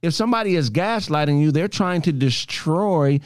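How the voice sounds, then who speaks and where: A man's voice: fairly high pitch, animated, normal speed, no echo, clean studio sound. A man in a casual group chat, talking bluntly and emphatically with heavy profanity.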